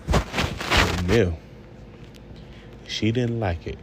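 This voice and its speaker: A man's voice: fairly low pitch, takes it slowly, pauses often, poor audio. A man giving a casual, rambling TV review, talking straight to his viewers. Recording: steady background noise.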